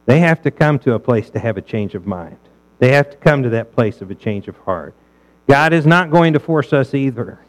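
A man's voice: mid-range voice, rough recording. A male pastor preaching a sermon in a conversational way, asking his listeners rhetorical questions.

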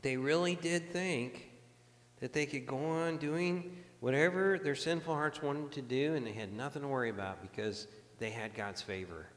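A pastor, male, preaches at a normal speed in a large hall. His voice is medium in pitch, and his earnest, conversational sermon is full of restarted phrases.

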